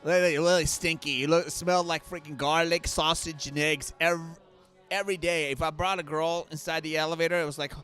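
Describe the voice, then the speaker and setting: A man's voice: on the high side, steady tone, brisk, a bit bright, soft background music. A man co-hosting a bar podcast, telling stories in a rambling, stumbling way. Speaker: podcast co-host. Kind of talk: casual bar podcast chat.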